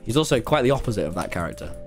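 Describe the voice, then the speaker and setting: A man's voice: lowish voice, big pitch swings, rapid-fire. A young man rattles off cheeky, chaotic gaming commentary. His voice jumps up and down a lot, and he swears casually. Faint music plays underneath. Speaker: streamer.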